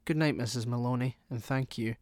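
A man's voice: medium pitch, a little fast, dry recording, natural voice. A man reading a story aloud, voicing a pleasant, chatty neighborhood grocer in a slightly raised voice, recorded dry. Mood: friendly. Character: friendly neighborhood grocer, middle-aged man. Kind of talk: audiobook character reading.

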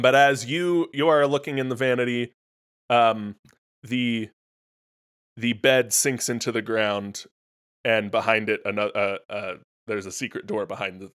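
A man narrating as game master in a tabletop role-playing game, speaking haltingly with many restarts. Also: mid-range voice, a bit bright.

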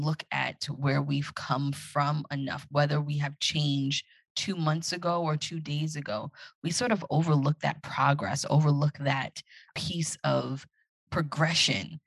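A woman hosts a solo podcast, chatting casually and reflectively while encouraging her listeners, and acts out her own excited inner voice. Her voice is deep, gravelly and slightly rough, her pace is slow, and there's no echo.

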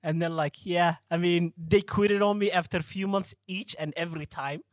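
A man's voice: high voice, steady tone, normal speed, no echo, studio quality. A man in his twenties chatting casually on a podcast, laughing and swearing. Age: 20s. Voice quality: laughing, profane banter. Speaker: podcast host. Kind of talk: casual chat.

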